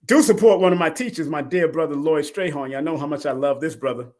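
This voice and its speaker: A middle-aged man with a slightly high voice hosts a casual live numerology show. He talks in animated bursts, often laughing, and swings between loud exclamations and quiet asides. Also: fast talker. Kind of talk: casual live-stream talk.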